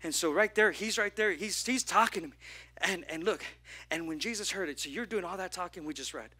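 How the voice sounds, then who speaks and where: A man preaching a lively sermon at a church service. He acts out the people in his story and asks the congregation questions. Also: high-pitched, fairly quick. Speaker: pastor.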